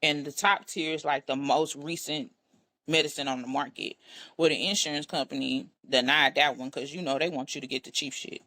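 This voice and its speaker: A woman from Texas talks as a podcast guest, recounting her story in a loose, casual way. She is blunt and profane and acts out the back-and-forth of the dialogue with lots of energy. Her voice has a bright, forward edge. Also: sits low, fairly quick. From Texas, USA. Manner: blunt, profane, animated retelling with quoted dialogue.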